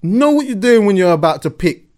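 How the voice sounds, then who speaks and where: A young man, co-hosting a casual podcast chat, animated and laughing often. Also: sits high, fairly quick. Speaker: podcast co-host.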